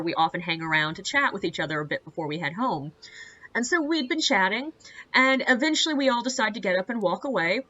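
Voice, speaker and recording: A woman who works as a ghost tour guide, telling a funny story in a casual, wry, animated way. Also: mid-range voice, dull audio.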